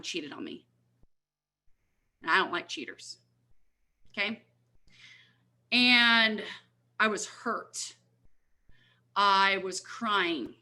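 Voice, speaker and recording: A middle-aged woman with a medium-pitched, pushed, bright voice tells her story as a network marketing leader. It's an earnest, motivational testimony delivered emphatically over a video call for coaching, with frequent check-ins with her listeners.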